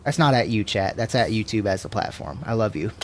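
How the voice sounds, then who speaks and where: A man in his twenties chatting casually to his stream, tipsy, swearing a lot and swinging between loud rants and low mumbles. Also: lively intonation, fairly quick, a little hiss or hum. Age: 20s. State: tipsy from drinking.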